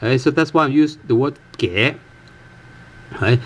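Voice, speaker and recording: A man gives a relaxed online language lesson. His voice sits at a middle pitch. He pauses on fillers and draws out his example words slowly and patiently. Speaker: Cantonese language teacher.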